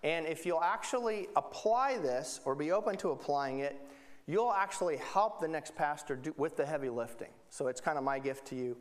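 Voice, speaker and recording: A man's voice: on the high side, expressive, normal speed. A middle-aged man preaching a casual sermon as pastor of his church, chatty and joking, often breaking off and restarting his sentences. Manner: chatty, joking, self-interrupting.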